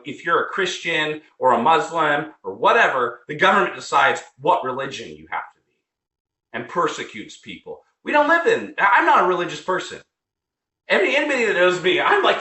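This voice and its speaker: Heated male vlogger, swears a lot, bright and tense, echoey room. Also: on the high side. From United States. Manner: heated, profane, repeats himself. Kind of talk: angry political rant. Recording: roomy echo.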